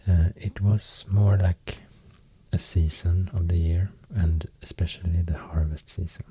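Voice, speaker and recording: A man with a Swedish accent giving a soft-spoken ASMR talk, half-whispering and pausing often with fillers. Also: low-pitched, steady tone, husky. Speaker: ASMR host explaining runes.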